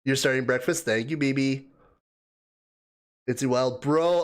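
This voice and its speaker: This Canadian livestream host has a mid-range voice, a measured pace and long pauses. He chats casually and laughs, greeting viewers and reading their comments out loud.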